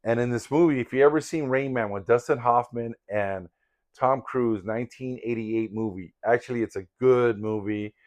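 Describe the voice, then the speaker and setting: A man's voice: mid-range voice, moderate pace, darkish tone. An older man telling a personal story in a casual, rambling, candid and reflective way. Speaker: vlogger in sobriety recovery.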